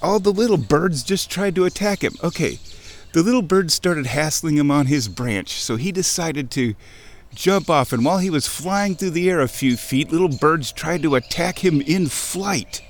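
A man narrating a nature walk by a wooded creek in an excited, chatty way, talking to himself as he films. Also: on the high side, moderate pace. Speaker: nature vlogger. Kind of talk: casual outdoor narration. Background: birdsong.

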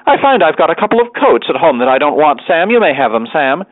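A man reading aloud and voicing a nervous, fussy young gentleman who is flustered and eager to please. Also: a little high, sing-song, fast talker, voice pushed up. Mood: anxious. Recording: tinny dry radio broadcast.

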